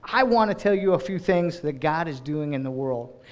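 Casting note: male preacher, slightly high voice, expressive delivery with quick restarts. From United States. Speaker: director of global partnerships speaking in church. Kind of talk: sermon.

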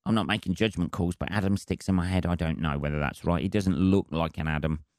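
A man's voice: low voice, dry recording, clean studio sound. A man hosting a comedy podcast, rambling wryly and swearing freely through his own stories.

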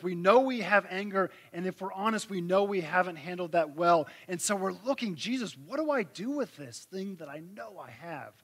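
Bright, high-voiced man preaching. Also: breathy edge. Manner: conversational preaching with vivid illustrations and rhetorical questions. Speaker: pastor. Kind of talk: sermon.

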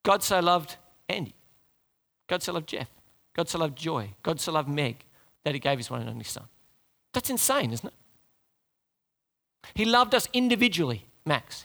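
A man with a high, bright voice preaches a sermon. He keeps it conversational and animated and often stops to put questions to his listeners.

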